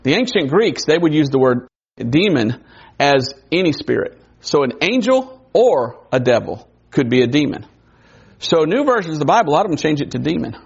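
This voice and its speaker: A man preaching a sermon in a conversational way, wondering aloud and adding quick asides. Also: a little high, very animated, gravelly, husky. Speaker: pastor. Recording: dull lo-fi recording.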